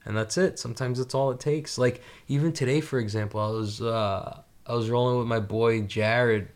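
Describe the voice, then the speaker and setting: A man's voice: medium pitch, steady tone, moderate pace. Young man, casual chat, rambling, swears a lot, filler-heavy.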